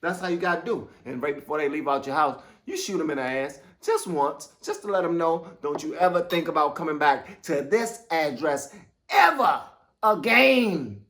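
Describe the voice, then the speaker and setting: A young adult man hosting a casual reaction video, excitable and profane, acting out scenes as he comments. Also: fairly high pitch, normal speed. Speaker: reaction channel host.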